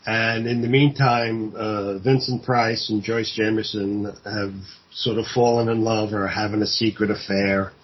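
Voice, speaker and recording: Podcast co-host, male, husky voice, halting casual plot recap, dull lo-fi sound. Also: on the low side, flat delivery. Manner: halting, many fillers and restarts, acts out quoted lines. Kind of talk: casual chat retelling a film plot.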